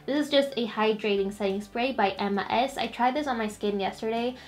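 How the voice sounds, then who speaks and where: A woman's voice: on the high side, fairly quick. A young woman hosting a casual makeup tutorial, chatty and upbeat, talking straight to her viewers. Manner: chatty, upbeat, talks to viewers as "you guys". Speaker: beauty vlogger.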